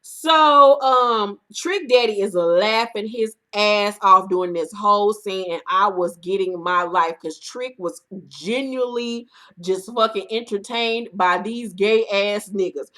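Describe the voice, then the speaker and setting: A woman recapping a reality TV episode in casual, profane commentary, acting out the cast in loud bursts. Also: mid-range voice, unhurried.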